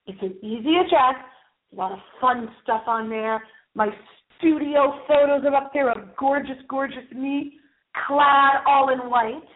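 A woman hosting a call-in internet radio show, campy and theatrical, teasing her listeners with swooping, drawn-out words over a tinny phone line. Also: sits high.

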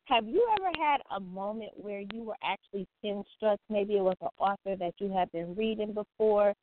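A woman's voice: mid-range voice, brisk. A woman co-host chats with sassy slang on a video call. Her voice comes through thin and phone-like, with a faint hiss underneath. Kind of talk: casual chat.

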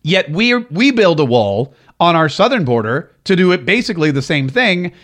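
A man's voice: on the high side, very animated, normal speed, a bit bright. A male talk radio host delivering a political monologue, sarcastic and emphatic, repeating phrases for effect.

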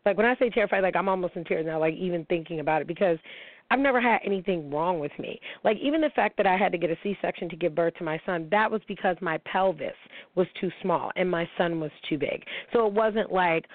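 A woman's voice: on the low side, fast talker, dry recording. A woman hosting a personal talk show, telling her story in a candid, profane monologue full of fillers. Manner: frank and profane, many fillers. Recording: tinny phone-like sound, dry.

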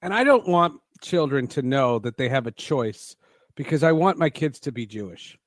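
A man's voice: medium pitch, expressive, no echo, studio quality. A man hosting a podcast, chatting casually and joking with his co-host. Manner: joking, quick banter.

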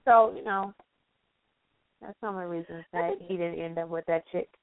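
A woman co-hosting a late-night radio talk show, chatting casually and reading shout-outs. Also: lowish voice, fairly even intonation, normal speed. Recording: dry phone-line sound.

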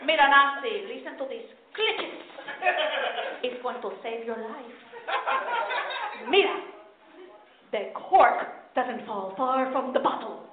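Woman doing a loud Puerto Rican mom. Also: sits high, slow pace, long pauses. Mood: lecturing. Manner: mixes Spanish words into English, emphatic. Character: excitable Puerto Rican mother, middle-aged. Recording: echoey tinny live recording with noise.

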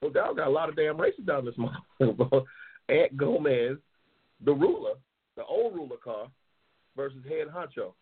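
A man hosting a casual talk show who reads out race matchups, loud, profane and excitable, sometimes yelling. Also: a little high, moderate pace, slightly rough. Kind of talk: casual livestream chat, reading race matchups. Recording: tinny phone-like sound.

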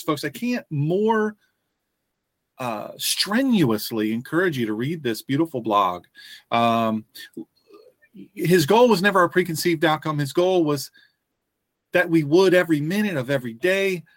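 A man hosting a faith-based podcast, talking earnestly with frequent restarts and pauses. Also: fairly high pitch, sing-song, no room sound. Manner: earnest, halting with many restarts. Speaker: podcast host.

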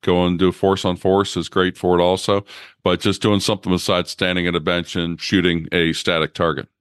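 A male podcast host with a very deep voice. His tone is smooth and resonant, and he explains things in a conversational way. The sound is dry and close. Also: level tone, a little fast, dry recording. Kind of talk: podcast interview.

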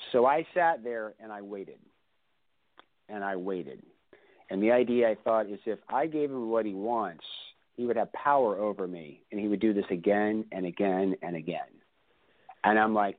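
A man's voice: mid-range voice, no echo. Man, radio show host, emphatic repetitive storytelling, dry tinny phone sound.

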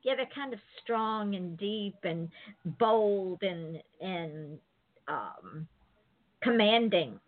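A woman's voice: mid-range voice, expressive, drawn-out words. A woman hosting an interview in casual chat, telling stories in a rambling, digressive way. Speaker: interview host. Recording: tinny phone-like line.

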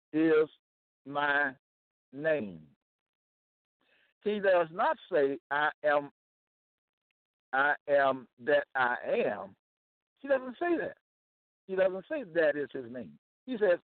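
A man's voice: on the high side, no room sound, phone-quality sound. A man giving a Bible teaching, emphatic and repetitive, often checking that listeners follow. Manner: emphatic, repeats key phrases, checks in with listeners. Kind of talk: slow Bible teaching to camera.

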